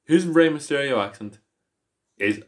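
A man's voice: medium pitch, animated, a little slow, a crowd in the background. A man co-hosting a podcast in casual chat, rambling through stories with frequent restarts and swearing. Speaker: podcast co-host.

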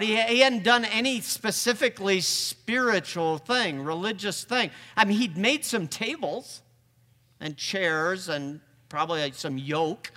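Man preaching in an echoing hall. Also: high voice. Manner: conversational, builds from hushed to emphatic. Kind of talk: sermon.

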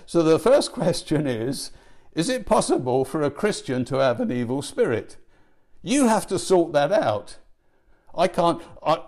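A male Bible teacher leads a course on deliverance ministry. His voice sits a little high and moves a lot in pitch. He talks earnestly and often doubles back on his words. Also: a little mellow. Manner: earnest, repeats and restarts words.

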